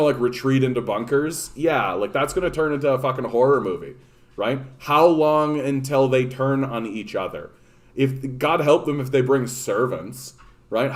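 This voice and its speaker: Male livestream host from Canada, mid-pitched, rambling sarcastic rant full of swearing and false starts. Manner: profane, rambling, sarcastic, many restarts. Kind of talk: casual ranting livestream chat.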